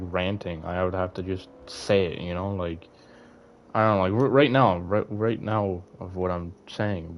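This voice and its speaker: In a muffled recording with slight hiss or hum, a young streamer with a deep voice talks loosely to his audience. He wanders from thought to thought, often restarting and filling gaps with filler words.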